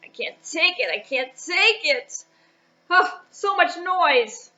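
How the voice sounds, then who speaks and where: A woman's voice: extremely high pitch, lively intonation, slow, sharp tone, dull audio, voice pushed up, heavily acted. A woman voicing a frazzled husband who complains about his noisy house in a children's puppet show. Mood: exasperated. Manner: exasperated, complaining.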